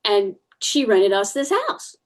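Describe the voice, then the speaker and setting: A woman's voice: mid-range voice, slow pace. A woman giving a personal testimony in church, telling her story casually, with many fillers and restarts.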